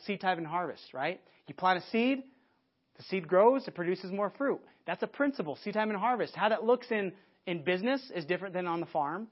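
A man preaching a conversational sermon to a church audience, lively and often restarting his sentences. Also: high-pitched. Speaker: pastor. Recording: dull lo-fi sermon recording.

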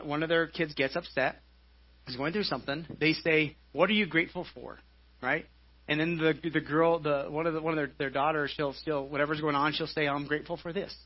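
A man's voice: a little high, highs cut off. A man preaching a live church sermon in a conversational style, often checking in with "right?" and repeating words as he goes. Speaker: pastor. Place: church service.

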